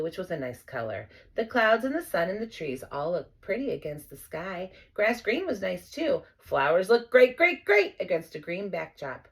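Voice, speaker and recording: A woman narrating a children's storybook in an expressive, playful first-person voice. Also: on the low side, husky. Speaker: audiobook reader.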